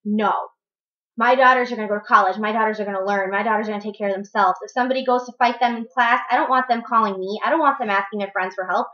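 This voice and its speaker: A woman's voice: medium pitch, rapid-fire. A young woman in her twenties ranting bluntly in a vlog monologue, swearing and repeating words for emphasis, at home with her child nearby. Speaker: vlogger. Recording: muffled echoey room recording.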